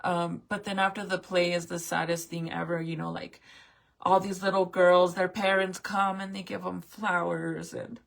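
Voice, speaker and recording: A woman's voice: on the low side, level tone, normal speed, gravelly. A woman in her late thirties talking casually to her viewers, swearing freely and fighting back tears, laughing nervously as she gets emotional. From New Mexico. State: tearful. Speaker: vlogger. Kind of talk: casual confessional talk to camera.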